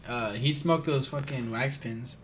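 A man's voice: medium pitch, measured pace. A man hosting a podcast, telling loose, profane workplace stories in casual chat. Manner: loose, profane storytelling with frequent laughs. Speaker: podcast host.

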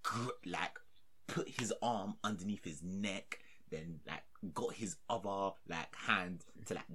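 A man's voice: low-pitched, takes it slowly, noisy background. A young man, telling stories in casual chat, full of slang and fillers.

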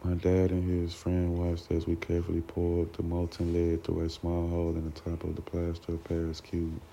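Deep gravelly man reading aloud. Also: moderate pace. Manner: steady reading with small slips and restarts. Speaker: self-development teacher. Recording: dull lo-fi recording with faint noise.

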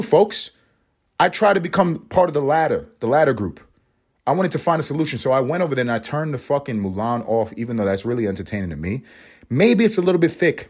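Solo podcast host, male, husky, sarcastic, foul-mouthed, pitch jumping all over. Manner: profane, sarcastic and swinging between loud jabs and low mutters. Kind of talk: solo comedic podcast rant. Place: at home.

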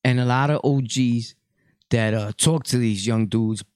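A man's voice: mid-range voice, unhurried, a little mellow, smooth, no echo, clean studio sound. A Puerto Rican man hosting a podcast, delivering a blunt, profane casual monologue. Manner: blunt, profane street talk. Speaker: podcast host.

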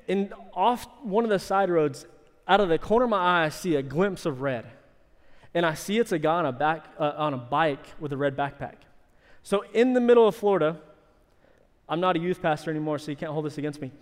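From the pulpit, a pastor with a slightly high voice tells a story in his sermon with animated energy, shouting when he acts out quotes. The church sanctuary adds long reverb that trails after each phrase.

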